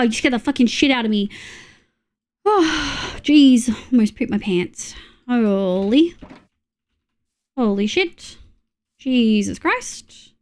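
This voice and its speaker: A young woman from Australia chatting casually on a gaming livestream, swearing often and reacting loudly to scares. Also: fairly high pitch, expressive, slow, long pauses. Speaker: streamer.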